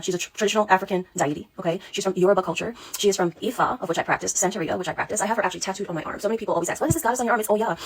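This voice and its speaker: A woman's voice: mid-range voice, breathy edge. A woman speaking as a spiritual coach in a casual monologue, blunt, sassy and full of swearing.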